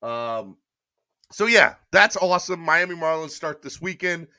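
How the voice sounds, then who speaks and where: Bright-voiced man hosting sports talk. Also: fairly high pitch, expressive, unhurried, no echo, clean studio sound. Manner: chatty, rambling, reads viewer comments aloud. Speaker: podcast host. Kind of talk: casual live-stream sports talk.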